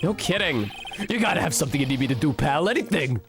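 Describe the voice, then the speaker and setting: A streamer voicing a jumpy, eager male police detective while reading game dialogue aloud, in a brash and gruff manner. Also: fairly high pitch, sing-song, quick pace, music in the background.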